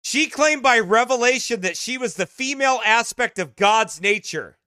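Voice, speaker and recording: Emphatic, scornful man preaching. High, clear voice. Dry recording. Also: expressive, moderate pace, dry recording. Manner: emphatic, scornful, bursts into shouts. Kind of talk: sermon-style commentary.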